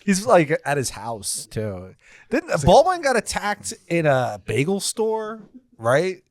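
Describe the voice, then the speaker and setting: A man's voice: sits high, wildly swooping pitch, slow pace, dry recording. A man co-hosting a podcast who chats easily and agrees along with the others. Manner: easygoing, agreeable, lots of backchannel. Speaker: podcast co-host. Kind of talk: casual chat.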